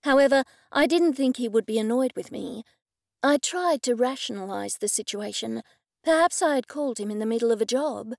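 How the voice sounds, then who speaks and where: Audiobook narrator: woman, slightly raised pitch, gravelly texture, dry close recording, steady storytelling. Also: a little fast, no room sound. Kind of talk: first-person scripted narration.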